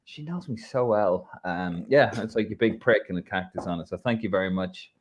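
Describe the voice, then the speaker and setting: A man from Ireland hosting a live football podcast, chatting casually with mates, swearing and joking, his pitch swinging up and down. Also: a little fast, a little hiss or hum. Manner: banter-filled, swears, lively swings in pitch. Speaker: podcast host.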